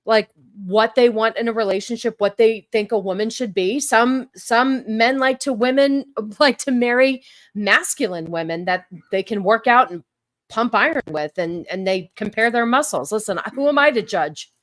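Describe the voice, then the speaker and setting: A woman hosts a casual podcast chat in a fairly high voice, stopping to repeat words as she works out what she thinks. Her voice sits close and dry on the mic. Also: normal speed, dry recording. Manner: hesitant, repeats words while thinking aloud. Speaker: podcast host.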